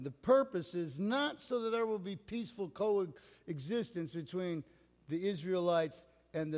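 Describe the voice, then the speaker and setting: A middle-aged male pastor with a fairly high voice, preaching in a loose, chatty way and slipping into the voices of the people he quotes. He is recorded in a church sanctuary, and the sound carries a long reverb tail. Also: a little mellow. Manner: conversational storytelling, acts out quotes. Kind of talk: sermon.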